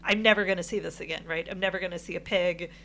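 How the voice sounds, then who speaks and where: A woman co-hosting a podcast, telling a travel story in casual chat, animated and laughing often. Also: on the low side, fast, slight background noise. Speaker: podcast co-host.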